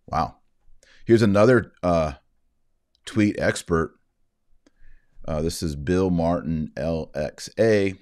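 A man with a very low voice hosts a casual commentary show. He talks in a chatty, joking way, with plenty of asides. The sound is dry and close, with no room echo. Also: slow, pauses often, a little mellow. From Texas. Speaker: host. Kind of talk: casual commentary on video clips.

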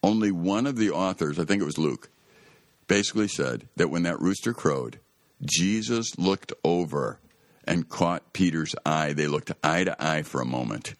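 A man's voice: low-pitched, normal speed, dry recording, studio quality. A man hosting a Christian radio talk show, telling a Bible story in an earnest, emphatic way that often rises to exclaim.

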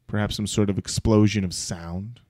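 Co-host pria, suara agak rendah, gaya datar dan kering, mik dekat. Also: male voice, on the low side, fairly even intonation, normal speed, a little mellow, no echo, studio quality. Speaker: podcast co-host. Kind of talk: casual chat.

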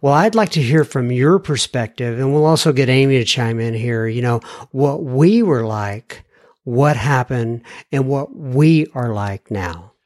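A man hosting a podcast, asking questions in a relaxed, easygoing conversational way. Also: medium pitch, a little slow. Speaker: podcast host. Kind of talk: conversational interviewing.

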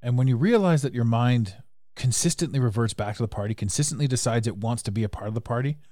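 A man delivers a motivational podcast monologue in a frank, earnest way, dropping the odd swear word. His voice sits at a middling pitch. He is recorded close on a podcast mic in a dry space. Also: fast, dark tone, dry recording. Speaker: podcast host.

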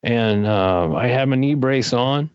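An older man, a guest in an interview, telling a story in a casual, animated way, his voice jumping up when he gets excited. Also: medium pitch, a little slow, clear, resonant tone, no echo. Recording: dull lo-fi recording.

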